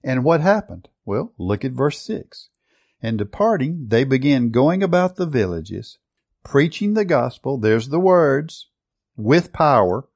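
A man preaching a sermon, emphatic, stretching out key words and often changing his loudness. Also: mid-range voice, big pitch swings, measured pace, creaky.

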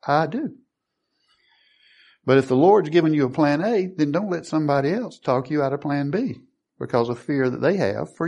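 A man's voice: fairly high pitch, a little mellow. A man preaching a sermon, asking the congregation questions and acting out quoted voices.

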